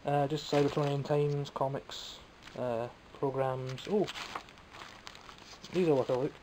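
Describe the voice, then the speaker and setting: In this noisy clip, a mid-range male voice from Scotland talks a little slowly in a level tone. He's a toy collector vlogging casually and mocking himself as he shows off the toys he bought.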